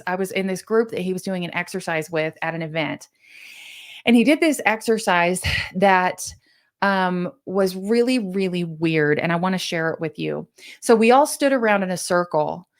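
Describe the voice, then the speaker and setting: Encouraging woman podcast host, mid-pitched. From Kansas, US. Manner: earnest, encouraging, storytelling with many restarts. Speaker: podcast host and business coach. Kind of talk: motivational podcast monologue.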